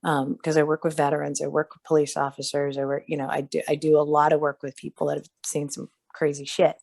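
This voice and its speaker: A woman with a fairly low voice co-hosts a relaxed podcast conversation. She talks in an animated way and slips into the voices of people she quotes. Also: fast, gravelly, no echo, studio quality. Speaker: podcast co-host. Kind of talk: casual chat.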